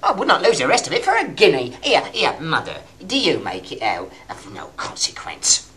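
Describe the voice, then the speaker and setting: An actor playing a loutish, mischievous young squire's son with a rustic, boisterous way of talking, in a 1960s stage play recording. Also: male voice, fairly high pitch, huge pitch swings, normal speed, bright, forceful tone, recorded from a distance, slight background noise, heavily acted.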